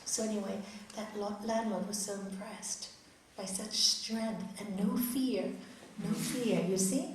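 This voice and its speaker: A woman's voice: medium pitch, a little slow, recorded from a distance, slight background noise. Woman teacher in an echoey hall. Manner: animated storytelling, acts out voices. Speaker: yoga teacher. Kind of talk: spiritual talk to a group.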